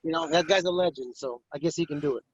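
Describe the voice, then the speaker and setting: A man's voice: fairly high pitch, fast talker, slightly rough, no room sound. A man who works as a boxing ring announcer, telling stories in a casual interview and acting out other people's voices. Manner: animated storyteller, acts out fighters' voices. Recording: dull, dry lo-fi audio.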